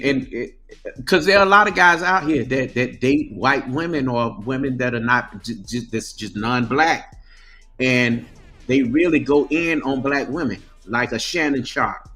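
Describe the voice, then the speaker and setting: A man's voice: medium pitch, unhurried, pushed and bright, soft background music. A man talking casually on a live stream, often stammering and restarting his sentences.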